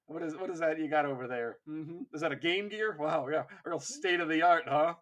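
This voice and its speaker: A man's voice: sits high, steady tone, a bit bright, pitched above the performer's own voice. A man putting on a sneering space soldier. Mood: mocking. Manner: mocking, drawn-out taunts. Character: sneering male space soldier taunting allies.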